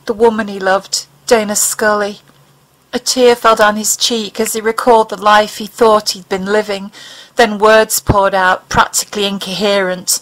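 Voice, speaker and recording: A woman reading a dramatic fiction audiobook, expressive and leaning into tense moments. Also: mid-range voice, normal speed, rough recording. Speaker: audiobook narrator.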